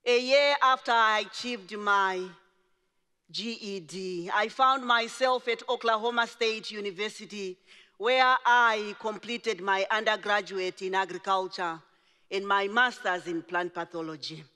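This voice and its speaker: A middle-aged woman whose first language is Shona, telling her life story in a slow, deliberate speech with emphatic phrasing. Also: mid-range voice, sharp tone. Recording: reverberant large hall.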